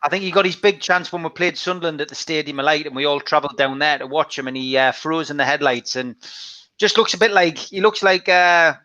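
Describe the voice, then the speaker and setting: Man on a muffled video call, higher bright voice, going on about old players. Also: a little fast. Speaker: co-host reading the live chat. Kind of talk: casual football chat.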